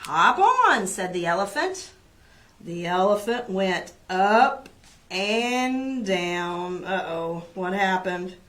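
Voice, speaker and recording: A woman who teaches preschool, reading a children's picture book aloud and then leading a phonics lesson in a clear, encouraging way. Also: fairly low pitch, slow pace.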